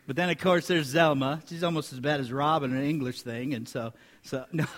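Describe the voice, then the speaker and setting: A pastor with a notably high voice preaches in a church sanctuary, where a long reverb tail follows his words. His sermon stays conversational, with joking asides to the congregation between points, delivered a little fast in a fairly bright tone with fairly even intonation.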